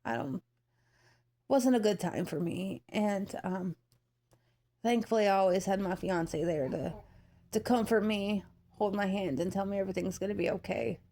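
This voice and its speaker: A woman's voice: medium pitch, normal speed, pauses often. A young woman vlogger talking through near tears, heartfelt and rambling with many fillers, as she shares a personal story. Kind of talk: emotional personal commentary. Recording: child noise in the background. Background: child yelling nearby.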